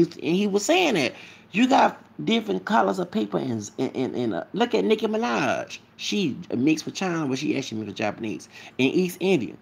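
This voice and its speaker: A man's voice: fairly high pitch, expressive, brisk, gravelly. A man ranting casually to his camera as a vlogger, rambling and repetitive, with emphatic asides.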